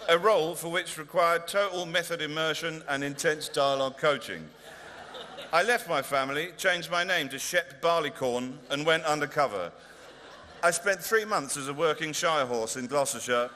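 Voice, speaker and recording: A male comedian presenting an award at a ceremony in a large converted hall, delivering dry, deadpan, mock-pompous stand-up. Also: on the high side, normal speed. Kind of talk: stand-up style presentation speech. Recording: reverberant hall with faint noise.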